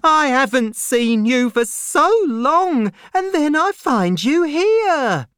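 A woman voicing a tearful, emotional middle-aged Englishwoman in a storybook reading, pleading in a high voice. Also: very animated, slow pace, fairly bright tone, dry recording, studio quality, full character voice.

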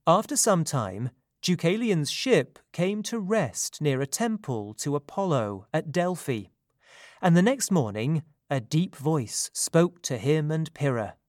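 A male narrator reads a myth aloud in a calm, measured way. His voice is a little high for a man, his pace unhurried, and the sound close and dry. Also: no echo. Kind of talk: storybook reading.

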